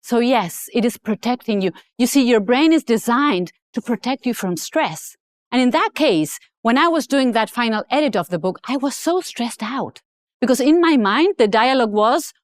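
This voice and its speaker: Lively, animated woman telling a story. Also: fairly high pitch, normal speed, no room sound. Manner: animated, acts out her own story. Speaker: speaker. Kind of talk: motivational storytelling talk.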